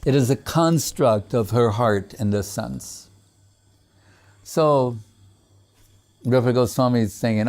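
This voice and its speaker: A man's voice: medium pitch, slow pace, long pauses, darkish tone. A man giving a devotional discourse, retelling sacred stories, reciting Sanskrit verses and chuckling often. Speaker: spiritual teacher.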